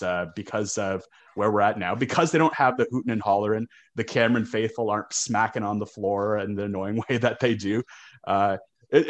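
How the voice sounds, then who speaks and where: A man co-hosting a sports podcast, talking casually and often stumbling over the first words of his sentences. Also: fairly low pitch. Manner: talkative, repeats words when starting sentences. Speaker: podcast co-host.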